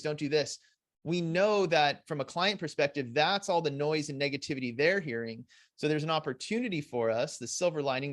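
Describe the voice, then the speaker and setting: A man's voice: a little high, dry recording, clean studio sound. Candid male loan officer guest. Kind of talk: casual interview chat.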